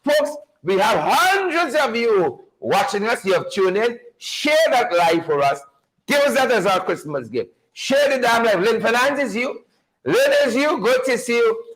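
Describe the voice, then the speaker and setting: A Guyanese man hosting a livestream, greeting viewers one by one by name in a playful, animated way. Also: very high voice, a little slow, rough recording. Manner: animated, playful, repeats phrases for emphasis. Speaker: livestream show host.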